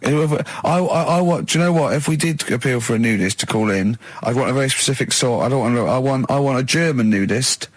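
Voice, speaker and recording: A man's voice: medium pitch, fast, hardly any pauses. A male radio host in casual banter who argues and teases with exasperation.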